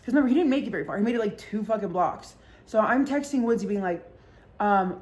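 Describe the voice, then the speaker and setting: A woman's voice: medium pitch, fast, a little mellow. A woman in a casual storytime chat, rambling with constant fillers and heavy swearing and acting out the voices of people she quotes. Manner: acts out voices in quoted dialogue. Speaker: vlogger.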